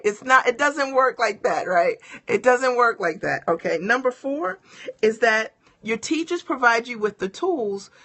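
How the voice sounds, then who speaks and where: A middle-aged woman giving a motivational live-stream talk as a business coach, speaking straight to her viewers and encouraging them. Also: on the high side. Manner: energetic and encouraging, addresses viewers directly.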